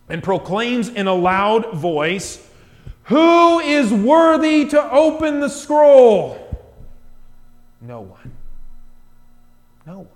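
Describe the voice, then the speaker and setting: A man preaching from the pulpit in a fairly high voice, drawing listeners in with rhetorical questions. He drops to near hush for weight, then swells to loud emphasis. His voice trails off in a long church reverb. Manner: animated storytelling with rhetorical questions; swings between hushed and loud emphasis. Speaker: pastor. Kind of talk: sermon.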